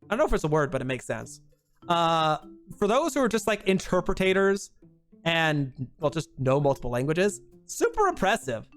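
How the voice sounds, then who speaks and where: A woman streamer chatting casually, rambling and poking fun at herself in an animated way. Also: sits low, normal speed, faint music behind. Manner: rambling, self-mocking, animated.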